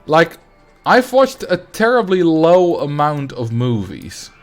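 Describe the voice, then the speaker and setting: Chatty streamer man with lively pitch. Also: slow, soft background music. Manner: rambling, chatty, reads and answers chat. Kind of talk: casual livestream chat while playing.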